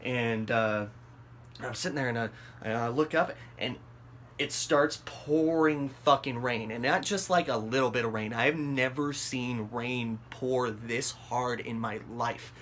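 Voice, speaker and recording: A man's voice: medium pitch, unhurried, slight background noise. Rambling, profane male storyteller. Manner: rambling and profane, many fillers and restarts; animated, voice jumps up when acting out his own panic. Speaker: vlog host telling a story. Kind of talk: casual storytelling.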